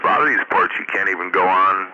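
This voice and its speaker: A man's voice: low-pitched, fast, pushed and bright. A man, a ham radio operator, chatting in an easygoing, folksy way. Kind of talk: casual radio chat. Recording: muffled radio with static.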